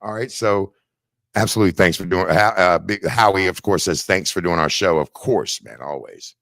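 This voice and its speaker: A man hosting a relaxed interview, his voice sitting on the low side. He rambles and restarts his sentences as he goes. The sound is dry and close. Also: normal speed, gravelly, no echo. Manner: loose, rambling, restarts often. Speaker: show host and fighter. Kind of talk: casual interview chat.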